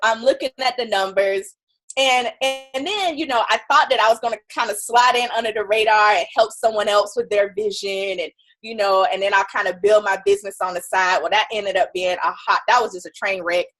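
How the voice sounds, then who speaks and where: A woman guest on an interview show, telling her story in a chatty, animated way and acting out what others said. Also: mid-range voice, brisk. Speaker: guest entrepreneur.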